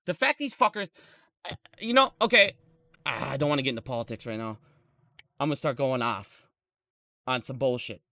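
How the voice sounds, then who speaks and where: A man's voice: medium pitch, animated, a little fast, pauses often, pushed and bright, no room sound, clean studio sound. Ranting profane man in his thirties. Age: 30s. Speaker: streamer. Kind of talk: ranting live stream.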